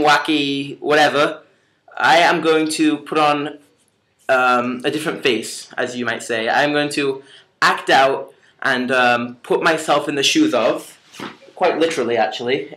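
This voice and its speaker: A young man hosts a casual comedy vlog, rambling and poking fun at himself. His voice is a touch high for a man, and the echo of a home room surrounds him. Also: fairly even intonation, measured pace, sharp tone. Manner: rambling, self-mocking. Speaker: vlog host. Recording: echoey room.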